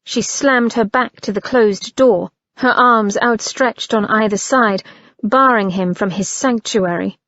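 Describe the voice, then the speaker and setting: A woman narrating an audiobook in a measured, expressive reading. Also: a little high, no echo, dull audio.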